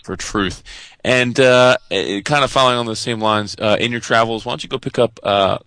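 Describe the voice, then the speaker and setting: A man co-hosting a comic book podcast in casual chat, matter-of-fact and quick to contradict. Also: mid-range voice, fairly bright tone, smooth, no room sound. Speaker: podcast co-host.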